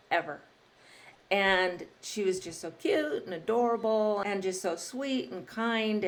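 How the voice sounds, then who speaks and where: A woman hosting a podcast, chatting casually and telling lively stories with frequent laughter. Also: medium pitch. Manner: lively storyteller, laughs often. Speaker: podcast host. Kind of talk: casual interview chat.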